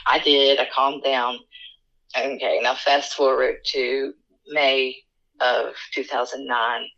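A middle-aged woman, a podcast guest, telling a personal story in an earnest, halting, emotional way. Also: very deep voice, level tone, gravelly, a bit bright, dull audio.

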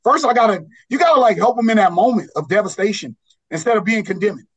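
A man's voice: sits high, lively intonation, fast, husky, rough recording. A man who coaches basketball, from Los Angeles, talking earnestly as an interview guest, rambling with many restarts.

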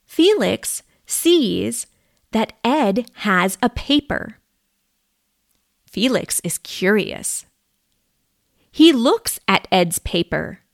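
A woman reading a simple story aloud for language learners, clear and deliberate. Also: mid-range voice, no room sound, clean studio sound.

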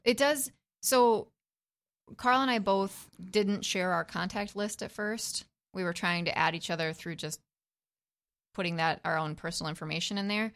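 A woman's voice: medium pitch, moderate pace, a bit bright. A woman co-hosting a show in casual chat, upbeat and talkative. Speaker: podcast co-host.

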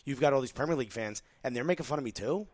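A man's voice: mid-range voice, expressive, rapid-fire, no echo. A man from New Jersey co-hosting a podcast, blunt and heated in casual chat, swearing freely. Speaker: podcast co-host.

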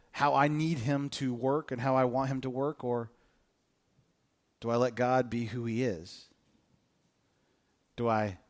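A man preaching a conversational sermon to his congregation in church, earnest and direct, repeating his key questions. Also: mid-range voice. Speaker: pastor. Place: church service before a congregation.

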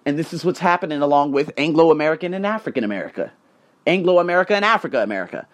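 A man hosting his own podcast, telling personal stories in a casual motivational monologue, swinging between loud emphasis and quiet asides. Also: on the high side, animated, rapid-fire. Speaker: podcast host.

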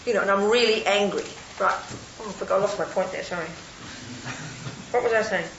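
A woman's voice: medium pitch, fairly quick. Chatty older woman teaching in a roomy hall. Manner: animated, chatty, asks the audience often. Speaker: Buddhist nun teacher. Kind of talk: casual dharma talk to an audience. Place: hall with an audience. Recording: roomy, lo-fi, faint hiss.

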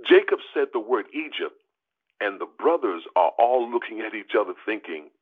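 A man, a pastor, preaching an animated sermon on a prayer call, calling out to listeners as y'all and rising high for emphasis. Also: moderate pace, breathy edge. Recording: tinny phone line.

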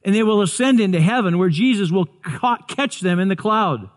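A man's voice: sits high, normal speed. A man preaching a sermon, earnest, often repeating and restarting words. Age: 60s. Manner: earnest, stumbling restarts, builds to excited shouts. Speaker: pastor.

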